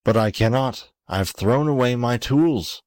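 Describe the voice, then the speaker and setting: A man's voice: medium pitch, unhurried, darkish tone, dry recording, pitched above the performer's own voice, natural voice. A man voicing a poor, miserable glass blower in a storybook reading, with a pleading, earnest manner. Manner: pleading, then eager.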